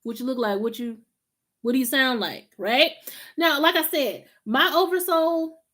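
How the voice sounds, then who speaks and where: A woman with a Southern country drawl talks casually to viewers on a live stream. Her voice sits a little high, and her delivery is loose and slangy, with laughs scattered through it. She grew up in Los Angeles, yet the drawl comes through thick. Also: unhurried, fairly bright tone. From Los Angeles, USA. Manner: chatty and informal, slangy, laughs often. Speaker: host of a spiritual live stream.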